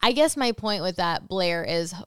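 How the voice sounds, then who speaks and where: A woman's voice: fairly low pitch, animated, moderate pace, clear, resonant tone, no room sound, studio quality. A woman in her thirties co-hosting a podcast, chatting candidly about parenting. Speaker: podcast co-host. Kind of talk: casual chat.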